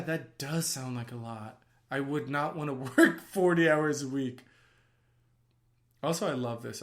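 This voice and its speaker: Excitable man gushing over a movie. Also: medium pitch. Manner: excitable, gushing, bursts into yelling. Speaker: actor and writer as guest. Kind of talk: casual watch-along movie commentary.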